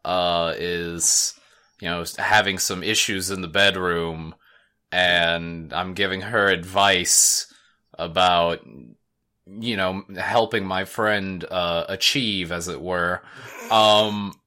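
Male co-host, lowish bright voice, profane rambling recap chat. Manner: rambling, profane, laughs often. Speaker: podcast co-host. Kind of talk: casual chat recapping an anime.

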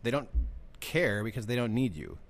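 A man co-hosting a casual podcast chat, relaxed and agreeable. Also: medium pitch, moderate pace. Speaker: podcast co-host.

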